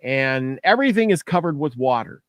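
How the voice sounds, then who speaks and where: A man's voice: mid-range voice, sing-song, moderate pace, dry recording. A man casually telling a legend in a folksy way, often restarting phrases. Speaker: storyteller. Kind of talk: casual storytelling.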